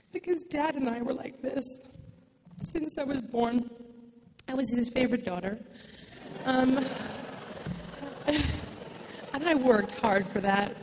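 A woman's voice: high voice, measured pace, long pauses, darkish tone. Tearful woman joking through a eulogy. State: near tears. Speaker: daughter giving a eulogy. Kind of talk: memorial speech with self-mocking humor. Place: large hall with long reverb. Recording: echoey hall, faint room noise.

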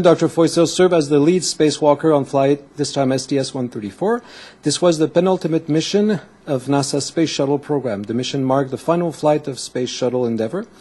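A man's voice: fairly high pitch, a little mellow, slightly rough. A man acting as event host, giving an enthusiastic formal introduction and stumbling over names now and then.

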